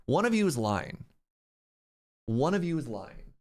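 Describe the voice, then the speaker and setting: A man's voice: a little high, wildly swooping pitch, measured pace, long pauses. A man streaming a game live, chatting playfully with his viewers. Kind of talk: casual live-stream chat.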